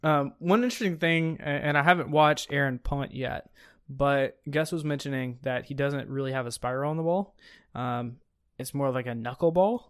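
A man's voice: medium pitch, moderate pace, clear, resonant tone. Chatty young man talking college football. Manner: chatty, enthusiastic, with many fillers. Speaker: podcast co-host. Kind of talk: casual sports chat.

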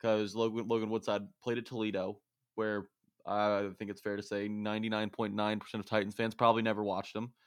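A man co-hosting a sports podcast, working methodically through numbers and analysis with many restarts. His voice sits on the low side, and it is recorded dry and close to the mic. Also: level tone, a little fast, clear, resonant tone, dry recording. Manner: analytical, stats-driven, with repeated restarts. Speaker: podcast co-host. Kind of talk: casual sports podcast chat.

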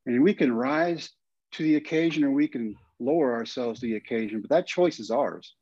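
An animated Texan man in his fifties tells a story and slips into the voices of the people in it. His voice sits at a medium pitch. The sound is dry and a little dull, recorded close in a quiet room. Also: moderate pace, dry recording. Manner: animated storyteller, acts out quoted lines. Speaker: guest, former pitcher and coach. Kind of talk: storytelling in a podcast interview.

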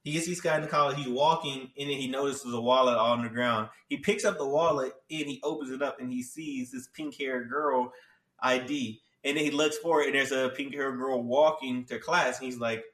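A man's voice: mid-range voice, fairly even intonation, normal speed, fairly bright tone. A man casually recapping an anime plot in a rambling, slangy way full of filler words. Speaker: anime reviewer. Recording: echoey room, distant mic.

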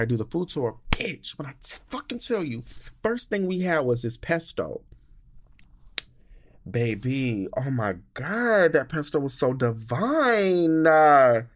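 Sassy, animated young American man. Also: medium pitch. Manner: sassy, animated, swears a lot, drawn-out gushing. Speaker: podcast host. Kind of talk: casual travel recap monologue.

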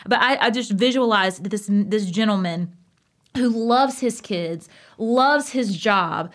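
A woman's voice: mid-range voice, slow pace. Passionate woman with a twang. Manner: emphatic, passionate, animated storytelling. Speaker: podcast co-host. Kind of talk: casual podcast chat.

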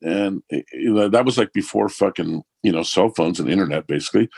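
A man telling a profane, animated story in casual conversation. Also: deep voice, brisk, gravelly, husky, dry recording. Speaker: musician guest.

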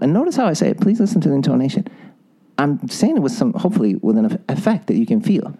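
A man's voice: on the high side, sing-song, fast, warm tone, breathy edge, poor audio. A middle-aged man giving relationship advice as a podcast guest, coaching emphatically and acting out example lines.

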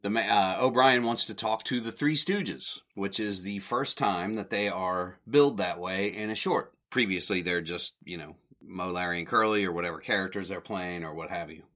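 Low-voiced guy chatting thru an old comedy short, bright punchy tone, keeps chuckling. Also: normal speed. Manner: rambling, chuckles often, self-corrects. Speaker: podcast host.

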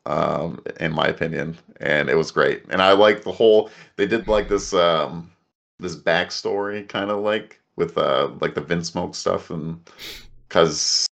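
A man's voice: deep voice, unhurried, vocal fry, fairly bright tone. A man in his thirties co-hosting a podcast in casual chat, rambling, laughing often and acting out what people said. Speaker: podcast co-host.

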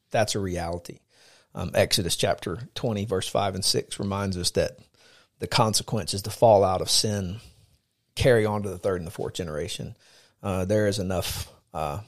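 A man co-hosting a podcast, mixing casual chat with earnest faith teaching, with frequent fillers. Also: low-pitched. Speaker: podcast co-host.

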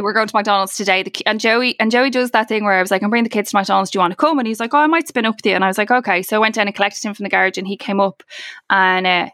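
A woman's voice: medium pitch, a bit bright, no room sound. Chatty Irish woman, dry close mic. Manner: chatty, swears freely, fast storytelling with lots of "like". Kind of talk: casual chat.

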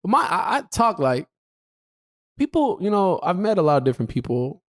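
Animated high-voiced young man. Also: moderate pace. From San Antonio, Texas. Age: 20s. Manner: animated, laughs a lot, slips into put-on voices. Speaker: podcast co-host. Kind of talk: casual chat.

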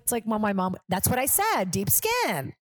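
A young woman comedian hosts her podcast, chatting casually in a rambling, self-deprecating style. Her mid-range voice is sing-song and brisk, with no room sound.

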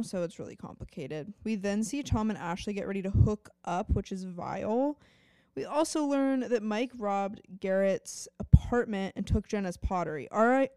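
Wry woman recapping, smooth voice. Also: medium pitch, mellow, no room sound, studio quality. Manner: brisk, wry asides while summarizing. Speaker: podcast co-host. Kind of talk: casual recap of a TV episode.

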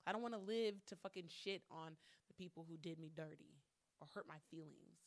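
Candid, swearing woman with low voice. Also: fairly quick, no echo. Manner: candid, profane, talks herself through anger with repeated phrases; laughs between lines. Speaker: vlogger. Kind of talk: casual monologue to camera.

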